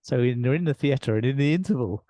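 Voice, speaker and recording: A man with an English accent, a guest on a podcast, telling his story in an earnest, reflective way with soft laughs. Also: mid-range voice, expressive, fast talker, no echo. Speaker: podcast guest, leadership coach. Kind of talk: conversational storytelling.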